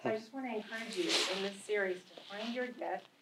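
A woman's voice: mid-range voice, quick pace. A woman sharing a personal testimony in a church sermon, in a chatty storytelling manner full of fillers and restarts. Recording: roomy hall with faint noise.

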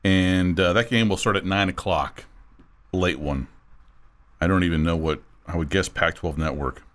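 A man's voice: low voice, fairly even intonation, moderate pace, a bit bright. A man co-hosting a sports talk radio show, chatting loosely and reading listener messages. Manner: loose and searching, full of fillers. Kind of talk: casual sports talk chat.

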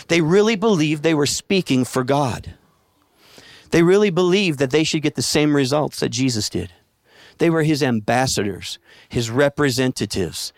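A man's voice: a little high, no echo, studio quality. A man preaching a sermon to a congregation, talking in a conversational way, telling stories and asking the room questions. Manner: conversational, storytelling, asks the congregation. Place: church sanctuary with a congregation.

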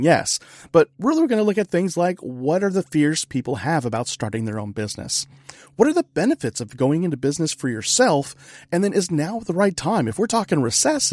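A man hosting a podcast interview, chatty and quick to laugh at himself in casual conversation. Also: a little high, a little mellow, no room sound, studio quality. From California. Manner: chatty, laughing, self-deprecating. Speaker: podcast host.

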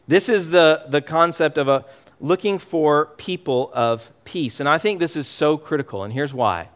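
Middle-aged male pastor, lively sermon delivery, fairly high voice, emphatic and repetitive. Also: smooth. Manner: animated, emphatic preaching with frequent repetitions.

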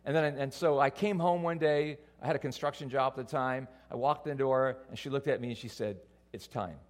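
A man preaching a sermon to a church congregation, telling a personal story in an animated, self-mocking way. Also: medium pitch, fairly quick. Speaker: pastor.

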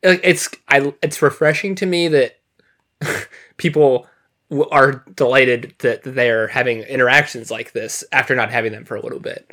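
A man co-hosting a podcast, chatting in a relaxed, casual way with some swearing. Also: medium pitch, moderate pace. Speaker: podcast co-host. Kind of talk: casual chat.

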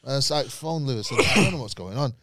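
A man, a comedian, telling a road story in casual chat, animated and swearing freely, shrieking when he quotes himself. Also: mid-range voice, quick pace, no echo, studio quality.

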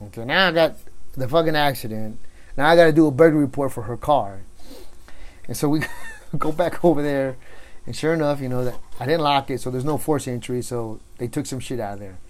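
Profane middle-aged cop telling war stories. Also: male voice, mid-range voice, a little fast, rough recording. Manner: profane, animated retelling, acts out others' lines. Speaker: police officer telling a story. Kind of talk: casual storytelling chat.

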